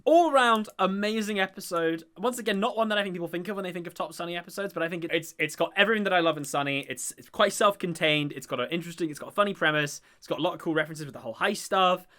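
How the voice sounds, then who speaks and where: A man talking fast in a bright, forceful voice that sits a little high. He hosts a casual, rambling chat, full of fillers and eager asides. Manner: enthusiastic, rambling, many fillers. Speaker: podcast host. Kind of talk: casual chat about a TV show.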